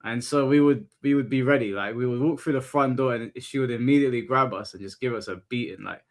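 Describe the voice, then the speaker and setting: A man's voice: mid-range voice, quick pace. A young British man hosting a casual chat, telling stories and acting out quotes. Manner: lively storyteller, acts out quotes. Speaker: host.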